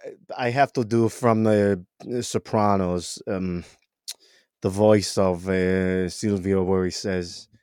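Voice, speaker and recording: A man hosting a football podcast in casual chat, animated and often restarting his words. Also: deep voice, slow, smooth, dry recording, clean studio sound. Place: home room with TV on.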